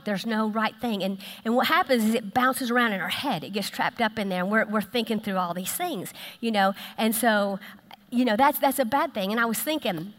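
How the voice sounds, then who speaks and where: A pastor's wife giving a lively, playful sermon, teasing the congregation as she speaks. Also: fairly high pitch. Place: church sanctuary. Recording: echoey church hall.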